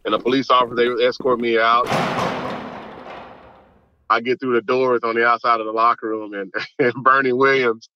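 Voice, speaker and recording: A young man from Mississippi, an athlete telling an animated story in an interview. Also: mid-range voice, moderate pace, pauses often, dull audio, noisy background. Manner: animated storyteller, quotes people in lively voices, laughs along. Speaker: baseball player.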